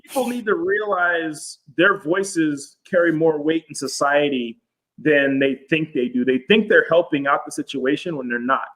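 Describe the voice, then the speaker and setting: A man in casual podcast chat, an animated storyteller who swears freely and acts out quotes in raised voices. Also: fairly high pitch, normal speed, rough recording.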